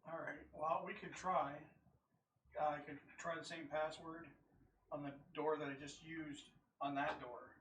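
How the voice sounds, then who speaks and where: A player in a tabletop game, talking casually and bursting into loud swearing. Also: medium pitch, measured pace. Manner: excitable, loud outbursts and swearing. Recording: echoey room from far off, noticeable noise.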